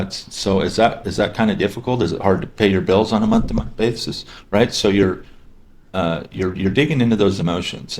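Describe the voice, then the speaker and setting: A man giving a casual sales training lecture, talking loosely with fillers and restarts. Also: deep voice. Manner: conversational, many fillers and restarts; acts out sample questions in a lighter voice. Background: dogs barking.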